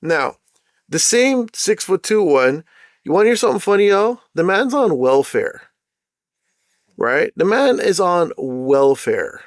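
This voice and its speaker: A man's voice: sits high, big pitch swings, a little slow, no room sound, studio quality. A man hosting his own podcast, ranting in a heated, indignant way with slangy rhetorical questions. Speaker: podcast host. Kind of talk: ranting solo podcast monologue.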